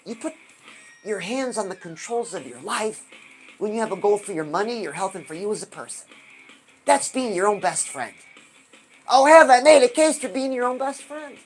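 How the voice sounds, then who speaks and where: A woman hosting a live stream, giving an animated motivational talk and asking her viewers rhetorical questions. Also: mid-range voice, moderate pace, faint music behind. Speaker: livestream host.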